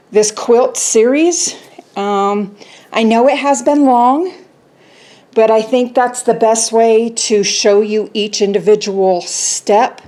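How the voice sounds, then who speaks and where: With a slightly mellow voice on the high side, this quilting channel host chats her way through a casual home sewing video. She's cheerful and in no rush, sprinkling in lots of "um"s and poking fun at her own slip-ups.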